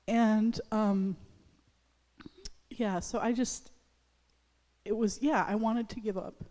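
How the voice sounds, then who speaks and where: A woman's voice: a little high, darkish tone. Hesitant woman pastor in echoing church. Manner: hesitant, halting, many restarts and fillers. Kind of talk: personal testimony in a church service. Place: church sanctuary.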